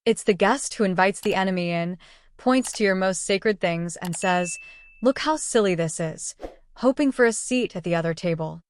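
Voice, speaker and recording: A woman reading a slow, grave, solemn narration. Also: mid-range voice, slight background noise.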